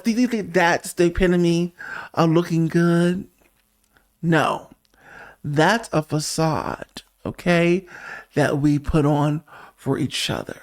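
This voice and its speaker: A man hosting a pop music review show, talking straight to the viewer in a sassy, emphatic way. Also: fairly high pitch. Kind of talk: casual opinionated monologue.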